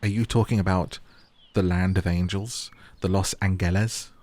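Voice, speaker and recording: A man's voice: low voice, fairly even intonation, normal speed, darkish tone. A man giving playful, joking commentary while playing a game and talking to its characters. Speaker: gaming YouTuber. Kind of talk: casual gameplay commentary.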